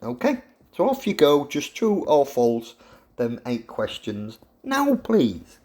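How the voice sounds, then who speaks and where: A man's voice: medium pitch, big pitch swings, unhurried, mellow. A middle-aged man, a university professor giving a jokey, teasing lecture to his students. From England.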